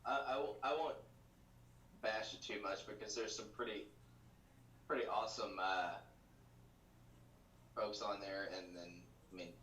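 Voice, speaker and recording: Relaxed guy with a lowish voice, off-mic in a roomy space with faint hiss. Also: measured pace, pauses often, far from the mic. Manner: relaxed, swears casually. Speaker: podcast guest. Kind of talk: casual chat. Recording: echoey room, set back from mic, faint noise.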